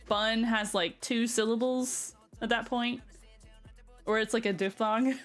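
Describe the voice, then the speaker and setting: With faint music behind her, a Southern woman takes her time, her higher-leaning voice carrying a Southern American accent. She chats easily with stream viewers while playing, giggling a lot and cheerfully welcoming new arrivals.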